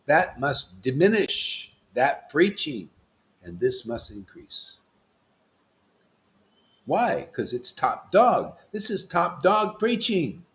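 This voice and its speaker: A man giving a devotional sermon as a spiritual master, scolding and emphatic, swinging from loud declarations to hushed asides. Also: on the high side, big pitch swings, takes it slowly.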